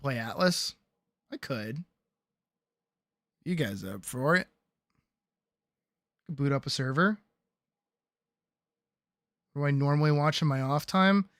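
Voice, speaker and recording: A man chatting casually on a game stream, relaxed and talkative, answering chat and laughing often. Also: fairly high pitch, slow, long pauses, no echo, studio quality.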